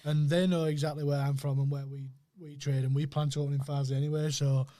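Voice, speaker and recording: A man's voice: a little high, little pitch movement, fast, warm tone, no echo. A man co-hosting a podcast, brash and blunt, swearing as he talks business. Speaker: podcast co-host, vape business owner. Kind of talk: casual podcast chat.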